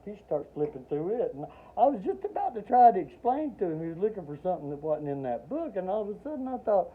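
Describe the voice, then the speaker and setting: Man, rambling storyteller, dry humor, acts out voices, lively swinging pitch, tinny phone-like sound. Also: fast talker, husky. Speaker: Army veteran telling a personal story. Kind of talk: casual spoken storytelling.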